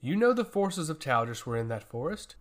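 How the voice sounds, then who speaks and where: A man's voice: on the high side, big pitch swings, brisk. A man voicing a fierce god-touched woman, stern, sarcastic and harsh in her accusations. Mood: stern scorn.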